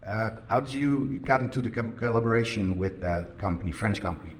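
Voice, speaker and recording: A man from the Netherlands asking a panel a halting question, searching for words. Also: on the low side, a little hiss or hum. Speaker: podcast host asking questions.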